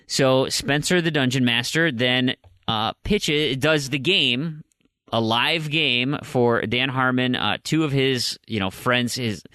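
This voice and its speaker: A man's voice: medium pitch, pushed and bright, no room sound, studio quality. A man co-hosting a podcast, telling long rambling stories in casual chat with frequent restarts. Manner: rambling, long-winded storyteller with many restarts. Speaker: podcast co-host.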